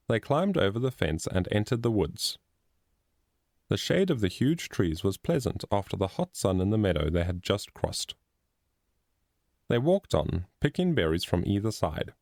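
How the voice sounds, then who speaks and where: A man narrating a storybook chapter in a steady, expressive reading. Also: fairly low pitch, creaky, no echo, clean studio sound. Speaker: audiobook narrator.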